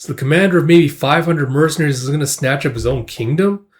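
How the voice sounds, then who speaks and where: A man voicing a gruff, brooding young male swordsman in a casual comic recap, thinking aloud skeptically. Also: a little high, fast talker, close to an everyday voice.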